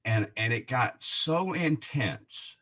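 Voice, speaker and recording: A man telling a personal faith story in conversation, animated and laughing often, with many restarts. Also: mid-range voice, takes it slowly. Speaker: guest.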